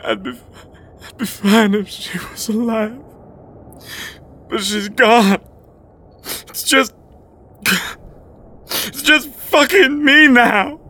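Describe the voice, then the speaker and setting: An actress playing a bitter, hungover female captive who is worn out and sharp-tongued in an audio drama. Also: extremely low pitch, sing-song, a little slow, long pauses, slightly rough, heavily acted. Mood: grieving. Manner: curt, bitter, breaking into sobs. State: hungover and weary.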